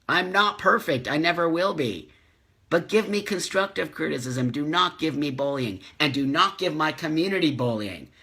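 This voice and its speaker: A man's voice: a little high, bright, forceful tone. A middle-aged man hosting a live stream, speaking with passion and repeating himself for emphasis as he reads viewer comments. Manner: impassioned, emphatic repetition. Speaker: host.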